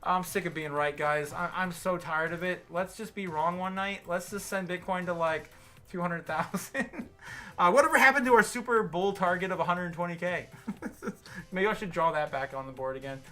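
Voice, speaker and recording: A man's voice: high voice, moderate pace, sharp tone, soft background music. A man with an American accent hosting a livestream, giving casual market commentary while a little tipsy, rambling with many fillers and restarts. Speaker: livestream host.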